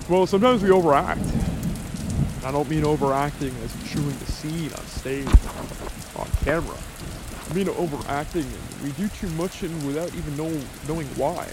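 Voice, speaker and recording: A man's voice: on the high side, heavy background noise. A man giving an earnest, philosophizing monologue, thinking aloud with asides and fillers. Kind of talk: reflective motivational monologue.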